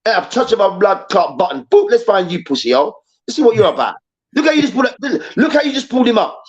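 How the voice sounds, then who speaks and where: Angry high-voiced man ranting. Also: big pitch swings, fast. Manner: angry, profane, emphatic repetition. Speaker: host. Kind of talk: heated football debate rant. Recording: dull lo-fi sound.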